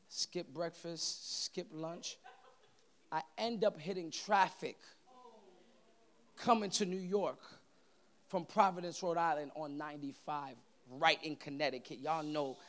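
Preacher, male, high gravelly voice, animated storytelling sermon with shouts to the church. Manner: animated, shouting to the congregation, playful.

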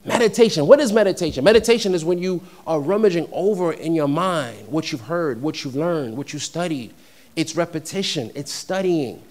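Young man, pastor from New York, preaching in a talky way that builds to loud, ringing peaks; voice sits a bit high. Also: animated, normal speed. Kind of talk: sermon.

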